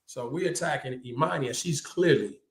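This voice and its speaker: A man who is a guest tells animated stories in casual, slangy talk, mimicking the people he quotes. His voice sits at an ordinary middle pitch. The sound has a roomy echo around it. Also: brisk. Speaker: guest, martial artist. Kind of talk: casual storytelling chat.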